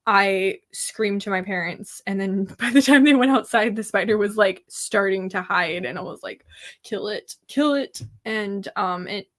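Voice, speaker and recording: A woman's voice: medium pitch, fairly bright tone. A young woman from California, a guest in a casual chat who exaggerates everything for comic effect. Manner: dramatic, playfully exaggerated.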